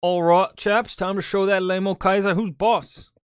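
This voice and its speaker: A man's voice: high-pitched, little pitch movement, moderate pace, clear, resonant tone, no echo, clean studio sound, pitched above the performer's own voice, natural voice. A man putting on a smug official. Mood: mocking. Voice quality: mock-pompous.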